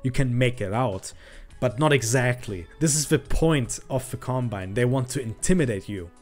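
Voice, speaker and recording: A man's voice: mid-range voice, animated, moderate pace, darkish tone. A man chatting on a livestream in a casual, profane, ranting way that grows heated. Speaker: streamer. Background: faint background music.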